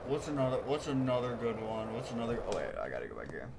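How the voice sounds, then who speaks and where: A man's voice: medium pitch, very animated, quick pace, gravelly, background noise. A young man in casual live-stream storytelling, rambling and full of "like" fillers as he tells childhood stories to chat. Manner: rambling, filler-heavy, uses "like" constantly.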